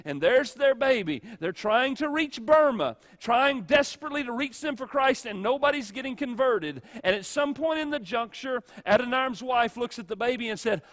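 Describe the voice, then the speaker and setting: A male pastor preaching a sermon, emphatic, with dramatic pauses and swings between loud and soft. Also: very high-pitched, lively intonation, in a large hall. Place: church sanctuary.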